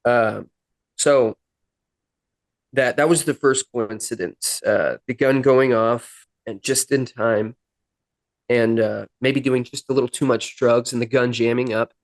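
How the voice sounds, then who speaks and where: A young man, a podcast guest, telling his own story candidly, with halting restarts. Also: medium pitch, dry recording. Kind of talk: personal storytelling.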